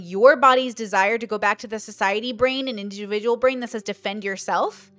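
A woman's voice: mid-range voice, brisk, faint music behind. A woman creator in casual livestream chat, thinking aloud with lots of fillers and acting out the voices she quotes. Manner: animated, acts out quoted voices. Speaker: online content creator.

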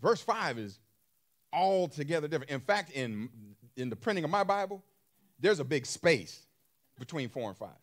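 A man's voice: a little high, big pitch swings, normal speed. A man preaching a sermon in an emphatic style, repeating phrases and throwing questions to his listeners, with features. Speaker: pastor.

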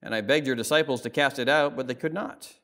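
A man's voice: mid-range voice, fast talker, fairly bright tone. Man preaching a conversational sermon. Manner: expository preaching, conversational asides with "right?" and "like". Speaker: pastor. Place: church sanctuary.

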